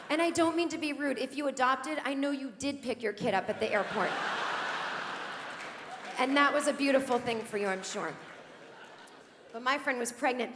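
Brief: sardonic woman stand-up, forties, fairly high voice, live hall reverb. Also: moderate pace, long pauses, a bit bright. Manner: sardonic, acts out quoted voices. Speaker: stand-up comedian. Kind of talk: stand-up comedy routine. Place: large theater stage.

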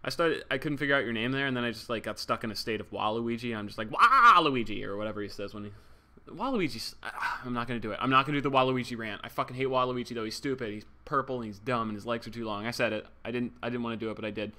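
A man's voice: mid-range voice, fairly even intonation, rapid-fire, hardly any pauses, pushed and bright. A young man streaming a game, chatting casually, joking, swearing and thanking subscribers as he reads the chat. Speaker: livestreamer.

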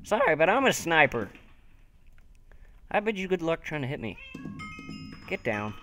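Young man, game commentary, lively swooping pitch, bright forceful voice, taunting and excitable. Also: moderate pace, soft background music. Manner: excitable, taunting, talks to himself. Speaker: gaming video host. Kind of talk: live gameplay commentary.

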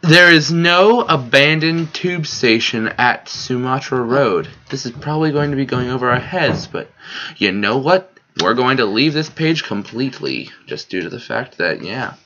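A man's voice: mid-range voice, lively intonation, moderate pace, pushed and bright, dull audio. A man co-hosting a casual chat show in a put-on British accent, bantering playfully. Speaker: co-host.

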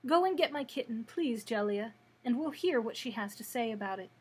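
A woman's voice: on the high side, lively intonation, a little fast, darkish tone, slightly rough. A woman voicing an earnest, anxious little girl in a storybook read-aloud. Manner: pleading, anxious.

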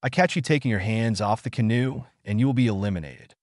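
A man's voice: fairly low pitch, fast, darkish tone, no room sound, studio quality, natural voice. A man voicing a male drill-sergeant camp cook who roars orders at campers. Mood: barking. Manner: roaring orders.

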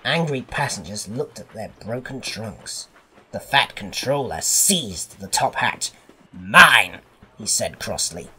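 Unhurried, expressive male storyteller. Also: lowish voice, a little hiss or hum. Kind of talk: children's story reading.

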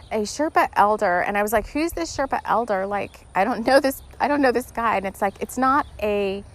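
Earnest rambling woman hosting a spiritual podcast. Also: a little high. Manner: earnest, rambling, emotional, many restarts. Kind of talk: casual spiritual guidance talk.

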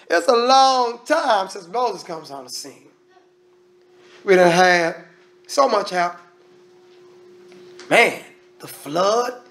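A male minister preaches a sermon, emphatic yet conversational, often restarting sentences and shifting his loudness for emphasis. His voice is very high-pitched and gravelly.

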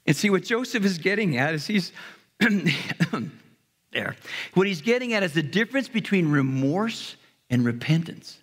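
A pastor preaching a sermon in a conversational way, retelling a story and briefly acting out its characters. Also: male voice, high-pitched, very animated, measured pace. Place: church hall. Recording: long hall reverb.

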